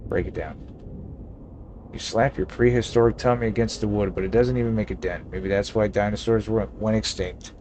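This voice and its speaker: A man's voice: on the low side, fairly even intonation, normal speed, darkish tone, a little hiss or hum. A man with a Southern US accent playing a game, reading the text aloud and joking. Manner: playful, reads narration aloud and jokes. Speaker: gaming channel host. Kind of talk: let's play commentary reading game text.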